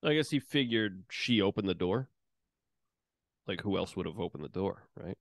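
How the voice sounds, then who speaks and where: A man's voice: deep voice, expressive, moderate pace, vocal fry. A man co-hosting a podcast, recapping a movie in a laid-back, profane way and acting out lines. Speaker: podcast co-host. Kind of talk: casual movie-recap chat.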